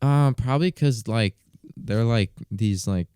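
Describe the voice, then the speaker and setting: A man's voice: medium pitch, a little slow, mellow, smooth, no echo, clean studio sound. A teenage boy who is a guest on a casual podcast chat, rambling loosely and filling his talk with "like". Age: teens. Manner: rambling, full of "like" fillers.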